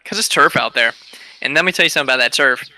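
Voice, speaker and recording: Bright, animated young man telling stories. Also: mid-range voice, rapid-fire, no echo. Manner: animated storyteller, laughs often. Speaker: podcast co-host. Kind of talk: casual chat.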